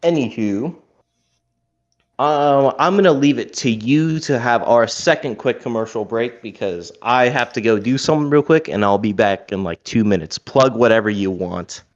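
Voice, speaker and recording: A man's voice: medium pitch, lo-fi sound. Joking Midwestern man on a podcast call. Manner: joking, rambling, quick to tease. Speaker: podcast co-host. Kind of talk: casual podcast chat. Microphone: remote call.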